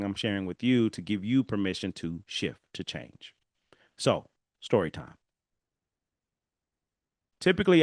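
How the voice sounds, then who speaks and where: Recorded dry with studio quality, a man with a lowish voice delivers a casual solo podcast monologue. The Southern California host tells animated stories, laughs along the way, and addresses his listeners directly.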